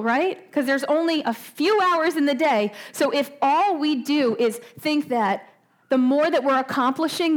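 A woman preaching a sermon in a conversational way, asking her listeners questions and often tagging "right?", slowing down on key points. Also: high voice. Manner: slows down for emphasis.

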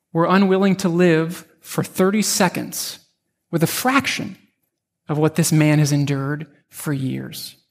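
A pastor preaching a narrative sermon, telling a vivid second-person story with frequent restarts. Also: male voice, high voice.

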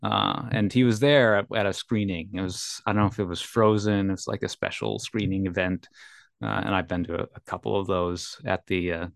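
A man's voice: deep voice, fairly even intonation, a little fast, gravelly, dry recording, studio quality. A man co-hosting a casual podcast, telling a story in a rambling way with lots of fillers. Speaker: podcast co-host. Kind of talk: casual chat.

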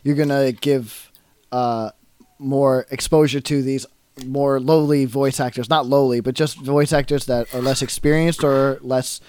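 A man's voice: mid-range voice, steady tone, unhurried, darkish tone, slight background noise. A man co-hosting a podcast in casual chat, rambling and thinking aloud with many fillers. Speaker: podcast co-host.

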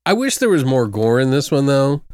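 A man talks through a film with his co-host in a loose, profane way, now and then jumping into silly voices to quote scenes. His pitch sits in the middle for a man, and the recording is close and dry with no room sound. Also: sing-song, normal speed, a little mellow, clear, resonant tone, no echo. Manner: profane, quotes movie lines in put-on voices. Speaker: podcast co-host. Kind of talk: casual movie review chat.

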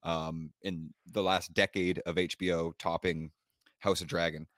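A man's voice: deep voice, level tone, measured pace, a bit bright, dry recording, clean studio sound. A man co-hosting a podcast, chatting casually, eager and talkative and piling on details. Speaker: podcast co-host. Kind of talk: casual chat.

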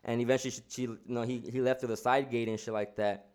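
Fast-talking man telling a rambling story. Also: medium pitch, fairly even intonation, darkish tone, clear, resonant tone. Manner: rambling, slang-heavy, many restarts. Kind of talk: casual storytelling chat.

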